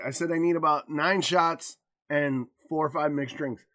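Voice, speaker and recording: A man's voice: on the high side, a little slow, fairly bright tone. An American man co-hosting a podcast, telling a loose, profane bar story in casual chat. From United States. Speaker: podcast co-host.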